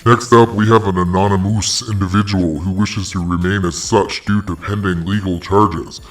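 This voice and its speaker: A man's voice: low voice, fairly even intonation, moderate pace, distant mic, faint music behind. A man hosting a parody hotline, talking in slangy, mock-preachy street lingo. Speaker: host.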